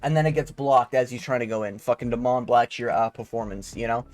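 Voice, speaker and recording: A man's voice: medium pitch, steady tone, brisk, darkish tone. A young man giving a casual, profane, slang-heavy fight breakdown. He rambles and keeps tagging his points with "okay?". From Canada. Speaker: MMA fight analyst.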